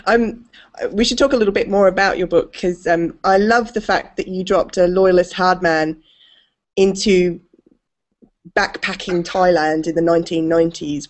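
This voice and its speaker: Woman interviewer, lowish pitch, eager and engaged, video-call interview. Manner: enthusiastic questioner. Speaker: festival interviewer.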